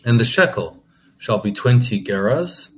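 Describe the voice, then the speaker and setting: A man's voice: medium pitch, lively intonation, measured pace, slight background noise. A man preaching a sermon, impassioned and indignant, often restarting his words as he reads and comments on scripture.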